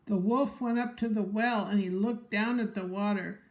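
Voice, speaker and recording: Slow gravelly woman reading a picture book. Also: mid-range voice, poor audio. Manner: gentle, pointing out pictures. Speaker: storybook reader.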